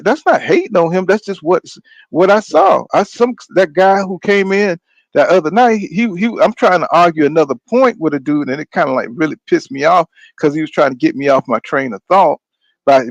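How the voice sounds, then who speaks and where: A gravelly, high-leaning male voice hosts a boxing podcast with a dull, dry lo-fi recording. He rambles casually, heats up, swears a lot, and keeps dropping "you know what I'm saying".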